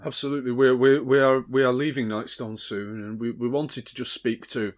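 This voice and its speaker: A man playing a tabletop role-playing game, talking in character in a formal, halting way. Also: medium pitch, flat delivery. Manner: formal, halting, many restarts. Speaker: player.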